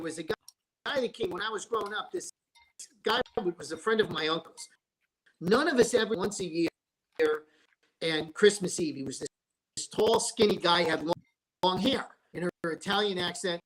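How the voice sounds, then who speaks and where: The recording is rough, and the man's high-pitched voice has a breathy edge at normal speed. He's a sports broadcaster and former restaurant owner on a talk show, chatting casually, rambling through stories and restarting sentences often.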